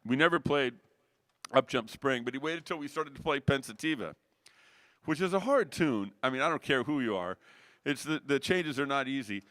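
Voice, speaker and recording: A man's voice: medium pitch, animated, moderate pace, fairly bright tone, no room sound. Middle-aged male musician guest, rambling anecdotes, dry close mic. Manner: rambling anecdotal storyteller with frequent restarts. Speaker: guest jazz saxophonist. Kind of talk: casual storytelling interview.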